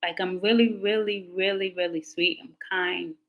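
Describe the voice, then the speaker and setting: A woman's voice: on the low side, steady tone, moderate pace, fairly bright tone, low-quality recording. Chatty woman tarot reader on a livestream. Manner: chatty and candid, slangy, talks back to chat comments. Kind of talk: casual livestream chat with viewers.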